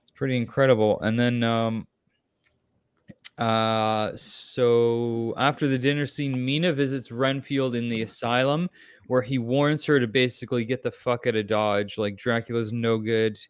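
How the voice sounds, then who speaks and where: Smooth-voiced man rambling about a movie. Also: mid-range voice, flat delivery, a little slow, no room sound. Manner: rambling, frequent fillers and restarts. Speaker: podcast host. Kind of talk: casual movie discussion.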